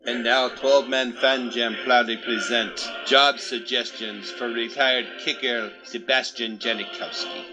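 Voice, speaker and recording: Brief: a man doing a grand announcer with a hammy Polish-Russian accent, over clear music. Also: medium pitch, fairly even intonation, a little slow, few pauses, lo-fi sound, voice pushed down, close to an everyday voice. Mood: grandly formal. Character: pompous male announcer with a put-on Eastern European accent.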